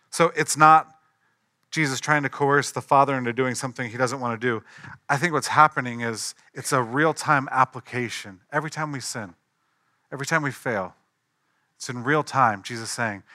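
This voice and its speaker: A man's voice: medium pitch, bright, forceful tone, no echo, clean studio sound. A pastor preaching an earnest, emphatic sermon, mixing conversational asides into his message.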